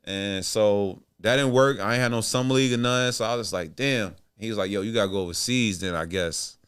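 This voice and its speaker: A man telling his basketball career story in a relaxed, slangy way, acting out what others said. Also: fairly low pitch, fairly quick, clean tone. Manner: laid-back, slangy, acts out quoted dialogue. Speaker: podcast guest, former basketball player. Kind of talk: casual storytelling interview.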